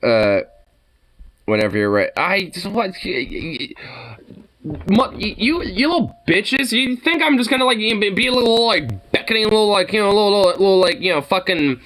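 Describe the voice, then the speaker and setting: A man's voice: sits high, lively intonation, normal speed, fairly bright tone. A young man filming his workplace kitchen on a phone, ranting and swearing in frustration. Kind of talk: profane ranting vlog.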